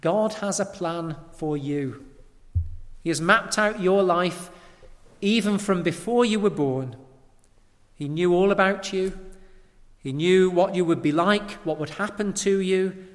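Male preacher, slightly high voice, unhurried sermon delivery, long church-hall reverb. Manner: slow, deliberate preaching with emphatic swells.

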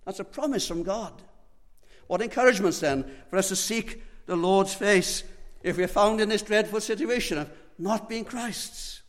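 A man preaching a sermon, pleading with passion, swinging between loud and hushed. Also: sits high, moderate pace, big-room sound.

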